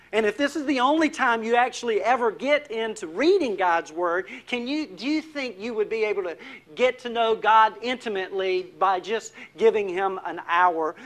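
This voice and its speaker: Guy preaching in a church, pretty high voice, keeps asking the crowd questions, goes quiet for the big points. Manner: asks the congregation questions, drops to a hushed voice for emphasis. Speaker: pastor. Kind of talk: sermon.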